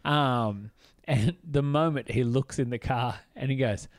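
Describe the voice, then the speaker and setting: A man chatting eagerly about films on a podcast, his voice sitting at an ordinary middle pitch. The recording is close and dry, with no room sound around him, and he leans on plenty of ums and likes as he talks. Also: a little slow, dry recording. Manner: chatty and enthusiastic, many fillers. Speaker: podcast co-host. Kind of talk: casual film discussion.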